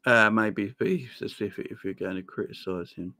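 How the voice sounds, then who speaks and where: A man's voice: on the low side, moderate pace, pushed and bright, no room sound. A man hosting a casual live chat, reading viewer comments aloud, laughing often and calling people "my friend.". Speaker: livestream host.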